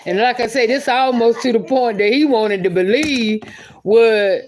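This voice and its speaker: A woman's voice: fairly high pitch, moderate pace, slight background noise. Chatty woman vlogger telling a story. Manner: rambling, restarts sentences often. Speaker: YouTube commentator. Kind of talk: casual storytelling vlog.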